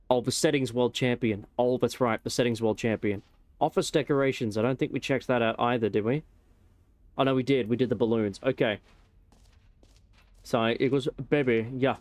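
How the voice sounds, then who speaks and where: A man's voice: mid-range voice, moderate pace, pauses often, a little mellow, no room sound. A young man casually rambling and joking while he streams a game, with some swearing. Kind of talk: casual gameplay commentary.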